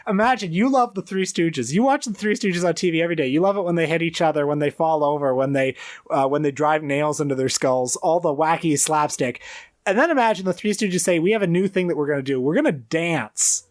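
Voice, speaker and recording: A man co-hosting a casual film podcast, his voice sitting a little high for a man. He retells scenes with plenty of laughter and now and then drops into silly quoted voices. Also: brisk. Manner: laughing storyteller, breaks into goofy quoted voices. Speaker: podcast co-host. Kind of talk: casual chat.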